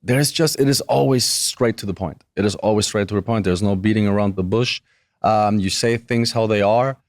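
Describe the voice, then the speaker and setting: A man's voice: on the low side, moderate pace, dry recording, clean studio sound. A young man from Germany with a light German accent, chatting casually and easily as an interview guest. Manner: relaxed, chatty, frequent restarts. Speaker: guest, professional wrestler.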